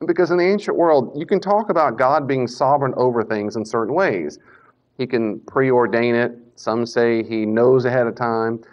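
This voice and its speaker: A man teaching a Bible class in a casual lecture style, animated and self-correcting, now and then acting out the speakers he quotes. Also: medium pitch, normal speed. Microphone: Bluetooth mic that cuts out. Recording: dull lo-fi lecture recording.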